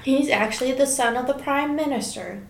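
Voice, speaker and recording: A woman's voice: high-pitched, moderate pace, vocal fry, reverberant. A young woman in casual chat, recapping a film with crude tangents and frequent bursts of laughter.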